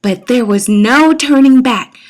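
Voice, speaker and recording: A woman reading a picture book aloud to children in an animated, sing-song way. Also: on the high side, a little slow. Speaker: storyteller.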